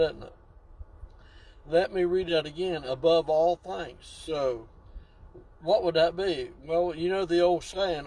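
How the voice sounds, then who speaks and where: A man's voice: a little high, darkish tone, low-quality recording. A man preaching a sermon, exclaiming and drawing out key words for emphasis.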